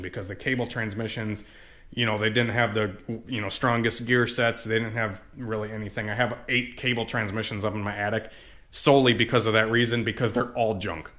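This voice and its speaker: This young car tuning vlogger has a lowish, somewhat bright voice. In a casual garage walkthrough he wanders off topic, swears freely and uses plenty of fillers.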